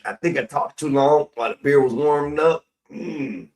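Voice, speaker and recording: A man's voice: a little high, normal speed, a little mellow, far from the mic. Middle-aged man, profane slangy livestream host, loose rambling talk.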